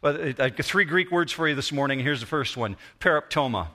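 A man's voice: a little high, animated, a little fast, pushed and bright. A man preaching a sermon in a church auditorium, praying earnestly and explaining scripture in an explanatory, storytelling way. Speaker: pastor. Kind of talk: sermon with prayer.

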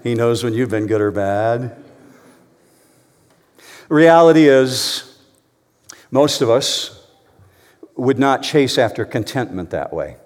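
Brief: male pastor, mid-pitched, earnest sermon voice, ringing church hall. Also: lively intonation, takes it slowly, pauses often. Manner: earnest, builds to emphatic storytelling. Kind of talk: sermon with prayer and joke. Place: church sanctuary. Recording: long reverb of a large hall.

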